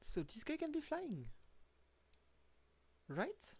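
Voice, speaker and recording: A woman's voice: sits high, wildly swooping pitch, slow, darkish tone. A woman streaming a game live, thinking aloud and teasing both herself and the game. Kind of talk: live gameplay commentary.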